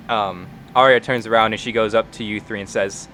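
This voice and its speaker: A man's voice: fairly low pitch, fairly even intonation, brisk, few pauses, a bit bright, slight background noise. A man narrating as game master in a casual way, with many "uh"s and "kinda"s. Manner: casual, filler-heavy narration.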